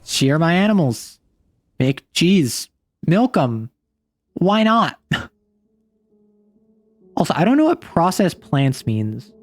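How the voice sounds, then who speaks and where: A man's voice: sing-song, slow pace, long pauses, no echo. Chatty streamer guy, dry close mic. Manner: rambling, thinking aloud, jumpy pitch. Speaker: vtuber streamer. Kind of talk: casual livestream commentary while playing.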